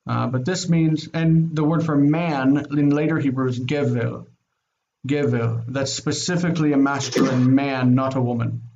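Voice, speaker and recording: A man with a medium-pitched, creaky, darkish voice teaches an online Hebrew grammar lesson in a steady tone at moderate pace. He explains patiently, repeats words and checks understanding by asking "okay?"; the audio is dull and lo-fi with faint noise.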